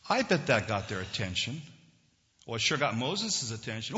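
A man's voice: mid-range voice, very animated, moderate pace, pushed and bright. A man preaching a sermon to his congregation in a conversational way, asking them questions as he goes. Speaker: pastor. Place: church sanctuary. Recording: dull lo-fi recording in a reverberant hall.

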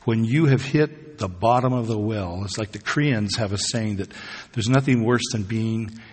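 A man's voice: lowish voice, normal speed. A man preaching a sermon to a congregation in a conversational way, often asking them questions. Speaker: pastor. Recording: husky voice in a long-reverb hall.

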